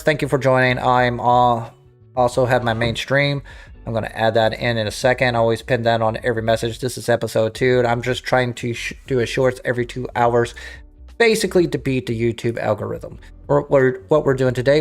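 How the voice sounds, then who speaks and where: A man streaming a game, chatting casually with his viewers and thinking aloud as he restarts his sentences. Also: mid-range voice. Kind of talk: casual livestream chat to viewers.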